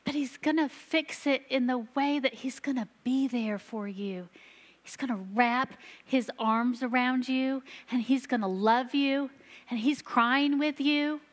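A woman giving a sermon to a church, telling stories earnestly and slowing down for emphasis. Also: high voice. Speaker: church children's ministry leader. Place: church sanctuary. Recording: long reverb of a large hall.

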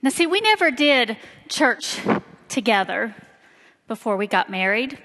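A woman's voice: a little high, sing-song. Woman telling a personal church talk. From Indiana, USA. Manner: warm storytelling, slow emphatic phrasing. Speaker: lay speaker giving a church talk. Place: church sanctuary. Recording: long hall reverb.

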